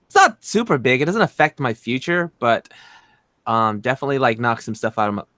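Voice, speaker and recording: A man co-hosting a casual livestream, telling stories in an excitable, rambling way with many fillers. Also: medium pitch, brisk, dry recording, clean studio sound. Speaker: streamer and co-host.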